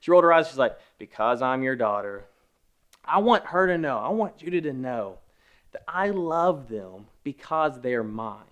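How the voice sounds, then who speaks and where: A man in his thirties preaching a conversational sermon, with joking asides, who swings between hushed and emphatic. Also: a little high, animated, moderate pace, lo-fi sound. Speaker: pastor. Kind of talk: online sermon.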